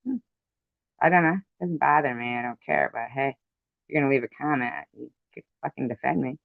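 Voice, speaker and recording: A man's voice: medium pitch, a little fast, creaky, dry recording. A man delivering an angry, profane commentary rant, indignant and repetitive, on a dull lo-fi recording. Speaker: commentary vlogger. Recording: dull lo-fi sound.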